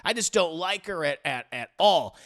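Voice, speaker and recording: A blunt, outspoken teenage girl from a cartoon who says exactly what she thinks, as a man puts her on. The voice sits clearly higher than normal talk and swings up and down. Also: expressive, moderate pace, fairly bright tone. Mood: suspicious.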